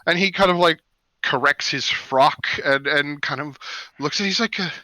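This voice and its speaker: Bright-voiced male game master narrating. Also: on the high side, normal speed, dry recording, rough recording. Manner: loose and rambling, many "like"s.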